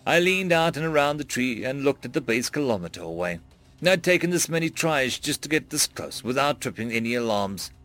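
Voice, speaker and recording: A man narrating fan-written stories aloud in an expressive storytelling manner. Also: mid-range voice, a little fast, soft background music.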